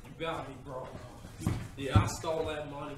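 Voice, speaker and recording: A man's voice: fairly high pitch, little pitch movement, moderate pace, close to an everyday voice. A man in a classroom skit playing a cocky, slangy suspect, recorded far from the mic in an echoey, noisy room. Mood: defiant. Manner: slangy, streetwise banter. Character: cocky male suspect, defiant and brash. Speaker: student actor in a class skit. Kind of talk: amateur comedy skit acting. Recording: echoey room, distant mic, loud noise.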